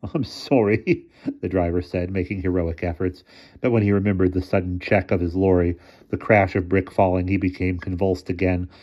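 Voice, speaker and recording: A deep-voiced man reads a short story aloud, steady and measured. His tone is dark and husky, and the recording sounds dull and lo-fi. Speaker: narrator. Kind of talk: audiobook reading of a short story.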